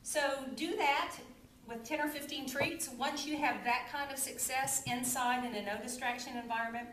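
A woman dog trainer demonstrating with her puppy, explaining steps and calling the dog's name in a happy tone. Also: normal speed. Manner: calls dog's name in high happy tone, then explains calmly. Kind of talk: instructional demo video. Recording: echoey room, faint ambient noise.

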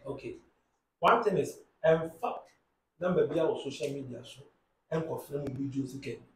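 A man with a Ghanaian accent presenting a casual vlog, lively, switching between Twi and English and repeating his phrases. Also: medium pitch, normal speed, slight background noise, low-quality recording. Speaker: vlogger presenting a youth footballer.

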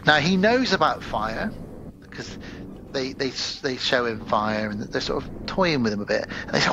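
A man co-hosting a podcast, casually retelling a film's plot with animated asides and quick acted-out quotes. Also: medium pitch, a little hiss or hum, low-quality recording. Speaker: podcast co-host. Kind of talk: casual chat.

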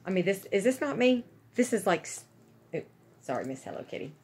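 A middle-aged woman, chatting to her viewers in a rambling, gushing, excited way. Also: mid-range voice, brisk, husky. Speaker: vlogger. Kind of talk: casual chat to camera.

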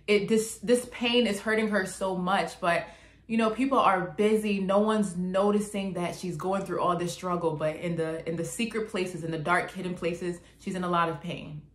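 A woman hosting her own channel, gently and earnestly explaining song lyrics line by line in a casual way. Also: fairly low pitch, fairly even intonation, moderate pace, roomy sound.

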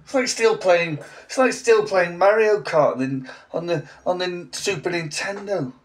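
English guy in his 40s ranting to camera, sarcastic and blunt, slightly high voice. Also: measured pace. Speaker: language teacher. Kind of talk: ranting vlog monologue.

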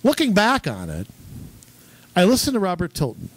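Middle-aged male co-host, animated storyteller, higher voice with a wide range, dry close sound. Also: normal speed, no echo. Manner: animated storyteller, repeats words when starting sentences. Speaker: podcast co-host. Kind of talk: casual chat.

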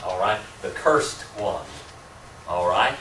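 A man's voice: low-pitched, animated, slow pace. A man teaching a church Bible class, asking the class questions and chuckling between points. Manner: asks the class questions, chuckles often, warm teasing. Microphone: room mic from a distance. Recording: roomy distant amateur recording with faint hiss.

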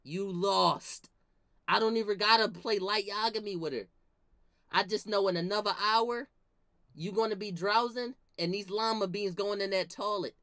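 A young woman spins a comedic tale, dropping to low mutters and then bursting into shouts as she acts out each moment. Her voice is bright and forceful. It is recorded dry, with no room sound. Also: moderate pace, dry recording. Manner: swings from low mutters to shouted outbursts, acts out quoted lines. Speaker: comedic storyteller. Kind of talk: animated comedic storytelling.

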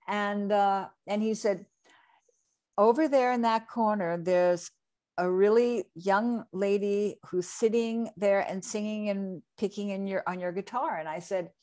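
Jersey-raised lady in her 60s telling an old story in an interview, does the voices of people she quotes, middle pitch. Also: unhurried. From New Jersey. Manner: lively anecdote telling, acting out quoted people. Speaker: interview guest, re-recording mixer.

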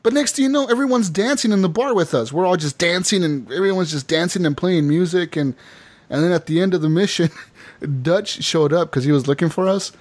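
A man hosting a casual gaming podcast, telling animated stories and laughing often. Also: sits high, a little fast. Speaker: podcast host. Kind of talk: casual chat.

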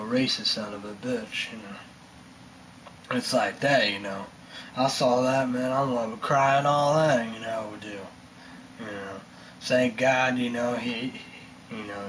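Ranting on camera, this vlogger rambles casually, circling back over the same points and using lots of fillers. He has a medium-pitched, somewhat bright voice, and there's a little background noise.

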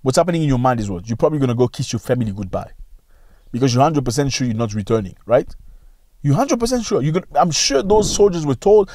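A man giving opinion commentary on current events in a video, emphatic and full of rhetorical questions, his pitch swinging widely as he argues. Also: sing-song, fast talker, darkish tone, no room sound, clean studio sound.

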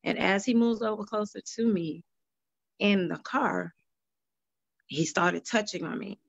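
A woman's voice: mid-range voice, unhurried, vocal fry, breathy edge, no room sound, lo-fi sound. A woman speaking as a panel guest, giving earnest personal testimony and retelling past conversations. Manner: earnest storytelling, quoting past dialogue.

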